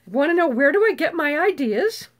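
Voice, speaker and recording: High, lively woman who swears freely. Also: normal speed. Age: older. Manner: bubbly, swears freely, screeches when excited. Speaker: YouTube host. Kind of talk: casual live chat.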